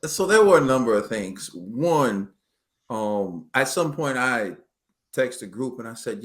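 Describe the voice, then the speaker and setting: A man co-hosting a casual boxing talk show, telling the story in an animated, slangy way and acting out quotes. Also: mid-range voice, unhurried.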